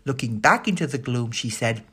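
Husky low-voiced woman reading a story. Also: normal speed. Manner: expressive, voices the dialogue. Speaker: narrator.

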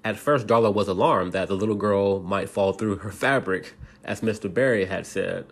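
A man casually reading a bedtime story aloud, halting and restarting often and laughing at himself along the way. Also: fairly low pitch.

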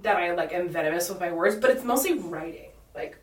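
A woman's voice: on the low side, animated, a little fast, distant mic. Chatty Valley girl woman, roomy sound. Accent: Californian Valley girl. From California. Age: 30s. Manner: chatty, laughing, lots of "like". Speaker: podcast co-host. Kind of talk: casual chat.

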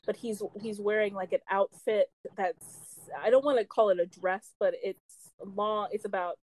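A woman's voice: mid-range voice, steady tone, normal speed, a little mellow, rough recording. A woman hosting a casual chat, recapping a TV show with lots of laughter and acted-out character lines. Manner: chatty, laughs often, acts out characters' lines.

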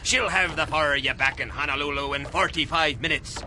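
An actor playing a gruff old boat captain with old-timey sailor talk, in a radio drama. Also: male voice, fairly high pitch, brisk, bright, forceful tone, slight background noise.

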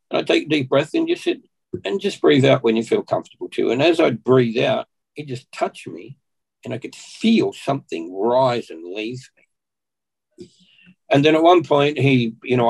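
An Australian man speaks as a podcast guest, telling a personal story in earnest. His voice is gravelly and husky. He keeps an unhurried pace and clears his throat often. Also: medium pitch, rough recording.

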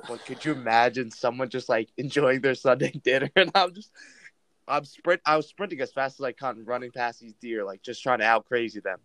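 A young man, co-hosting a casual podcast chat as an animated, slangy storyteller who leans on "dude" and "like". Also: mid-range voice, brisk, no room sound. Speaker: podcast co-host.

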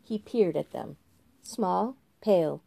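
A woman hosting a podcast reads a story aloud in a gentle, relaxed way. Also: on the low side, slow, gravelly, slightly rough, dry recording. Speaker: podcast host reading a story. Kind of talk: storybook narration.

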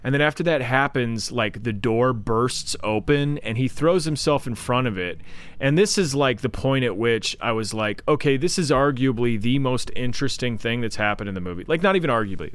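A man co-hosting a podcast, rambling sarcastically through a movie recap and shouting characters' lines now and then. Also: mid-range voice, animated, brisk, clear, resonant tone. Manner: rambling, sarcastic, mimics characters in loud bursts. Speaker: podcast co-host. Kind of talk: casual movie review chat.

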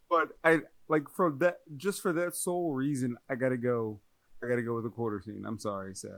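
A man's voice: medium pitch, fairly even intonation, fairly quick, fairly bright tone. A man co-hosting a podcast, reviewing a movie in casual chat, rambling and correcting himself as he goes. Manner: chatty, rambling, self-correcting. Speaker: podcast co-host.

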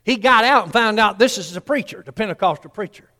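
A man's voice: high-pitched, fast, bright, forceful tone, long reverb tail. A man, preaching a sermon in a folksy storytelling way and acting out the people in his story.

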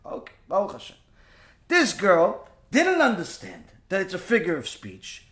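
A man teaching a Torah lesson through lively, animated storytelling with asides and fillers. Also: sits high, moderate pace. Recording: echoey room.

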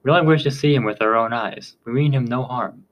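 A man reading the part of a protective, blunt father in an audiobook, speaking gruffly. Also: medium pitch, a little fast, muffled recording, natural voice. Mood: firm.

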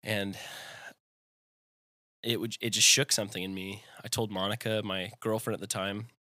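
A man's voice: lowish voice, flat delivery, normal speed, pushed and bright, no echo, clean studio sound. A young man in his twenties telling a personal faith story in conversation, rambling with lots of fillers. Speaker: guest.

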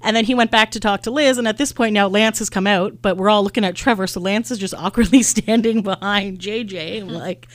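A woman's voice: medium pitch, fairly quick, few pauses, dry recording. A young woman, hosting a podcast and telling a story in casual chat, acting out what people said. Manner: chatty storyteller acting out quotes, lots of "like". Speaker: podcast host.

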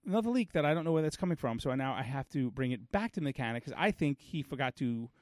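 A man's voice: mid-range voice, sing-song, fast talker, a little mellow, no echo. A man in his thirties, co-hosting a podcast in casual chat, telling a long story and acting out the other people's lines. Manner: storytelling, acts out quoted dialogue. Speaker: podcast co-host.

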